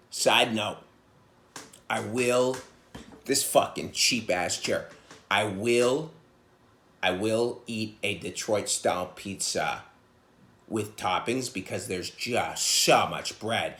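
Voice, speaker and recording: A man who is a comedian hosting his own podcast, ranting bluntly and profanely, jumping from loud outbursts to low mutters. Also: slow pace. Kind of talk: casual monologue rant. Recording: echoey room sound.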